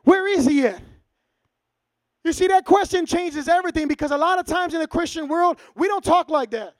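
A man preaching a sermon to his church, casual and lively, acting out short dialogues. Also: extremely high pitch, normal speed, no room sound. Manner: casual, acts out little dialogues. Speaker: pastor.

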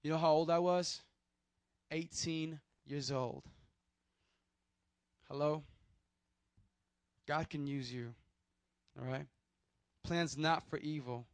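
Man, pastor, sermon testimony, slightly high voice, animated storytelling, calls out to listeners, dry sound. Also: takes it slowly, pauses often, no echo. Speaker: youth pastor.

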